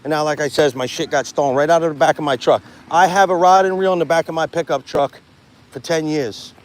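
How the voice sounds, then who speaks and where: A man's voice: on the high side, steady tone, brisk. Brash, profane man with a New York accent. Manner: brash, profane, rambling street talk. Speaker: vlogger doing a live stream. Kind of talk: casual live-stream chat outdoors. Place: outdoors by a pond near traffic.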